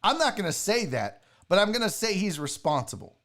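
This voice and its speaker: High, animated, foul-mouthed ranting man. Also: a little fast. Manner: profane, ranting and heated. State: tipsy from drinking. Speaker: sports talk show host. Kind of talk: live sports talk show rant.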